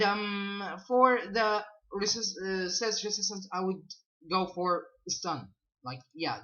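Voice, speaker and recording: Bright-voiced man rambling about a game. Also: high-pitched, lo-fi sound. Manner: rambling, repeats "so yeah" and "believe me"; reads game stats aloud, stumbling over numbers. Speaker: gaming channel host. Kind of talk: casual game review commentary.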